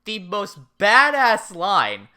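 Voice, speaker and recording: A woman's voice: mid-range voice, wildly swooping pitch, takes it slowly, bright, forceful tone. A woman co-hosting a casual podcast, recapping an anime with jokey asides and casual swearing. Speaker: podcast co-host.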